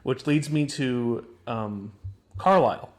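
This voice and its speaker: A man's voice: medium pitch, takes it slowly. Inquisitive man hosting a casual chat. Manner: inquisitive, questioning. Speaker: host.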